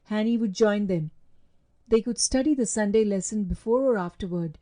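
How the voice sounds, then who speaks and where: Mellow woman reading an audiobook. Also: mid-range voice. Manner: measured storytelling. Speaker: audiobook narrator.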